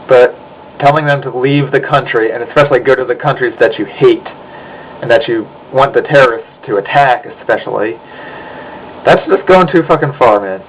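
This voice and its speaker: A man's voice: mid-range voice, lo-fi sound, slight background noise. A young American man in a profane, angry rant to his webcam, sighing and swearing as he complains. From United States. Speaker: vlogger. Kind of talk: ranting monologue.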